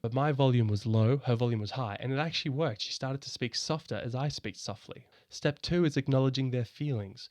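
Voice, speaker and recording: A man's voice: medium pitch, brisk, hardly any pauses, a little mellow, dry recording. A man giving a casual, conversational explainer on handling someone in crisis, often restarting and repeating words. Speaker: educator explaining psychosis first aid.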